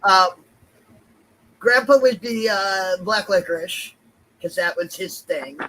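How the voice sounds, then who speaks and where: A man's voice: sits high, takes it slowly, sharp tone, rough recording. A man who is a guest on a podcast, chatting casually with many "like"s and restarts.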